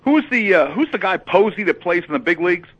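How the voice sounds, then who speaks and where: A man's voice: high voice, expressive, brisk, breathy edge, dry recording. A man calling in to a radio show, rambling with many fillers and hesitations. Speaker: phone-in caller. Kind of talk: casual call-in chat. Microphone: telephone. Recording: muffled lo-fi phone line.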